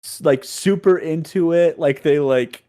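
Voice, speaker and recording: A man's voice: a little high, a little slow, warm tone. A man guesting on a casual podcast, rambling with lots of fillers and giggles.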